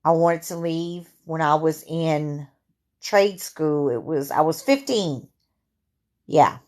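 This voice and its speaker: A woman in her fifties with a sore throat, telling her own story to camera in a halting way, full of fillers and restarts. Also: low voice, darkish tone. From Louisiana. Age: 50s. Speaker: vlogger.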